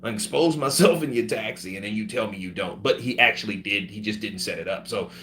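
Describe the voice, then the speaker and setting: A sick man casually telling a profane, animated story about his travels, acting out the other people's voices as he goes. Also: fairly low pitch, brisk, a little hiss or hum. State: sick with covid.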